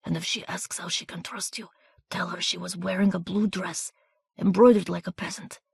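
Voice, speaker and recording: A woman voicing a small wounded man, desperate and weak, speaking in a breathy, husky whisper. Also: lowish voice, fairly even intonation, moderate pace, darkish tone, dry recording, clean studio sound, pitched above the performer's own voice, full character voice. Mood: urgent whisper.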